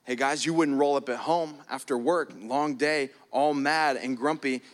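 A man preaching a sermon, shifting between quiet prayerful passages and loud emphatic stretches. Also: medium pitch, unhurried. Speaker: pastor.

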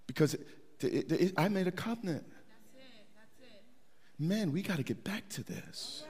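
This middle-aged preacher has a high, slightly mellow voice that stays animated yet unhurried. Speaking conversationally from a church sanctuary with long hall reverb, he repeats himself and restarts phrases.

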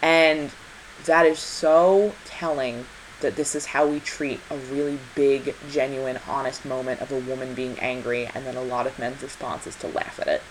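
A woman's voice: very deep voice, fairly even intonation, normal speed, a little hiss or hum, low-quality recording. A woman co-hosting a casual film review, talking in a passionate, emphatic way and repeating phrases for stress. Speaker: podcast co-host.

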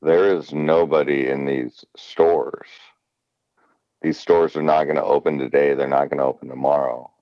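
Very deep-voiced male podcast co-host. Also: level tone, normal speed, no echo. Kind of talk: casual podcast chat. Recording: dull, dry lo-fi mic.

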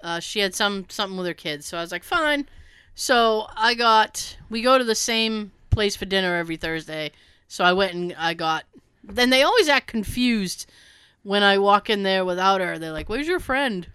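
A woman's voice: mid-range voice, moderate pace, clear, resonant tone, dry recording. A middle-aged woman co-hosting a casual chat, telling stories with lots of laughs and the odd swear word. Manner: animated storyteller who laughs often and swears. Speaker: podcast co-host.

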